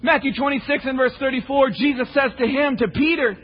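A man preaching a sermon with passion, swinging between shouting and hushed tones. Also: very high voice, a little fast, few pauses, breathy edge. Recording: echoey hall, slightly muffled.

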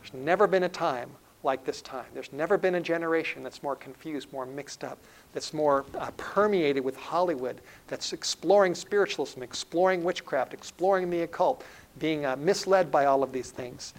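A middle-aged male preacher giving a sermon in an earnest way, building up loudly and then dropping to a hushed, intimate tone. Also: fairly high pitch, normal speed, rough recording. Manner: earnest, swells loud then drops to a hushed tone.

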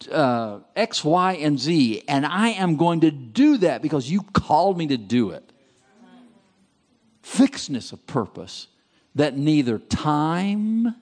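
A man preaching at a seminar, reading passages aloud and asking his listeners questions. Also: a little high. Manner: lively, asks the audience questions. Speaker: seminar speaker. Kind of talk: sermon.

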